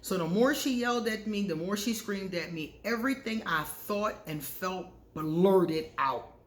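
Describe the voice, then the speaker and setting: A woman's voice: medium pitch, unhurried. A woman hosting an astrology channel, telling personal stories in a candid, casual way and often laughing at herself. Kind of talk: casual storytelling to camera. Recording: echoey room.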